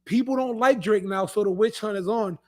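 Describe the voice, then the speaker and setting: A man co-hosting a podcast, arguing his point in casual chat, animated and laughing often, stumbling over repeated words. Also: high-pitched, fairly quick. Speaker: podcast co-host.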